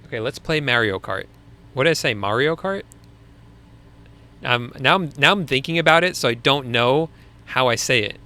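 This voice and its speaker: A young man from Long Island, New York answers viewer questions on a casual live stream, his mid-range voice animated and sharp at a normal speed with frequent pauses. He's chatty and quick to laugh, and he restarts a lot.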